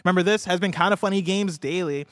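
A man's voice: high voice, fast, a bit bright, no room sound, clean studio sound. Upbeat American man hosting a gaming show. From United States. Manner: upbeat, laughs easily, trips over words. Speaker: podcast host. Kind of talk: casual gaming news chat.

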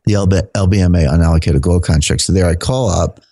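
A man, a podcast guest, explaining in a measured, lecturing way with rhetorical questions. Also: deep voice, mellow, no echo.

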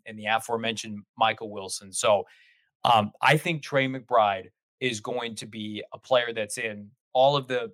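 A man in casual sports podcast chat, talking in long animated run-on stretches as a guest host. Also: mid-range voice, dry recording.

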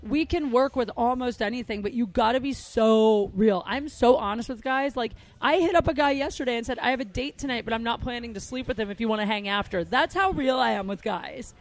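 A woman's voice: on the high side, fairly quick, hardly any pauses, no echo. A woman comedian in her thirties hosting a podcast, telling stories in a brash, candid, profane way. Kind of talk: casual podcast chat.

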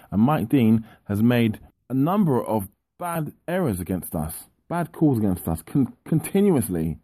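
A man's voice: medium pitch, mellow, husky, no echo. A man giving a frustrated, impassioned monologue about a lost football match, repeating himself as he rants. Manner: impassioned, repetitive, ranting. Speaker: football fan commentator.

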